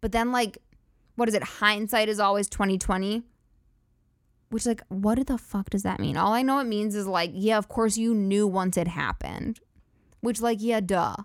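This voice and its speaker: A woman's voice: medium pitch, normal speed, dry recording, clean studio sound. A woman hosting a comedy podcast, rambling through profane, giggly riffs. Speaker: podcast host. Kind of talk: casual comedic monologue.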